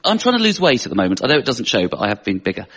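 A middle-aged man with a posh southern English accent doing self-deprecating stand-up, animated, with stammering restarts. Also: medium pitch, very fast, gravelly. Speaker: stand-up comedian. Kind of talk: stand-up routine on a panel show. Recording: dull broadcast audio with loud studio audience. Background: loud audience laughter.

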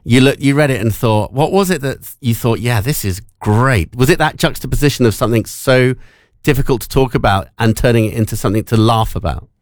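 A man hosts the interview, winding through long questions and restarting his sentences. His voice is mid-pitched and smooth. The sound is close and dry. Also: fast talker, dry recording. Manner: rambling questions, many restarts. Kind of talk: casual interview.

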